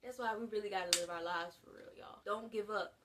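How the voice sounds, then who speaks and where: A 19-year-old woman from the US gives a casual, slangy to-camera monologue, talking in an animated way with big swings in loudness. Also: medium pitch, a little fast, recorded from a distance, noisy background. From United States. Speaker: vlogger.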